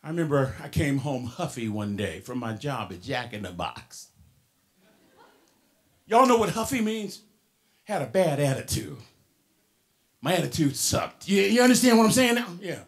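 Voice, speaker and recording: A man in his sixties giving a motivational keynote to young people, preaching to the crowd, calling out to them and swinging between soft and shouted lines. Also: fairly high pitch, very animated, moderate pace, pauses often. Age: 60s.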